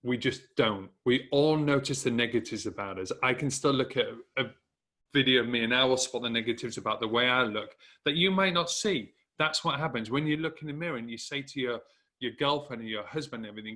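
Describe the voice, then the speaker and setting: A man's voice: medium pitch, fairly quick, sharp tone. A man with a northern English Hull accent giving a direct, encouraging motivational talk to business owners. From northern England. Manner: direct, encouraging, emphatic repetition. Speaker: speaker coaching business owners.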